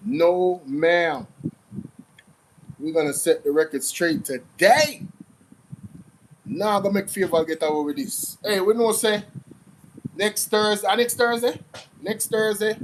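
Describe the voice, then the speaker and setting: A Jamaican man hosting a casual commentary show, talking in an animated, repetitive, mocking way. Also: fairly high pitch, slight background noise, rough recording. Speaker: commentary channel host.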